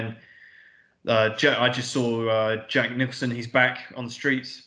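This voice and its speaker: A man of medium pitch and level, slightly bright tone speaks at normal speed while co-hosting a podcast. He retells a film scene by scene in a rambling, loosely paraphrased way, tossing off dialogue and swearing frequently, with noticeable room echo.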